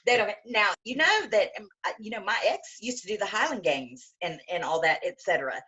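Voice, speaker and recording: A woman's voice: medium pitch, lively intonation, fairly quick, bright, forceful tone, slightly rough, muffled recording. A woman co-hosting a podcast, talking in a blunt, heated way with heavy swearing. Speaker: podcast co-host. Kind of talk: casual conversation.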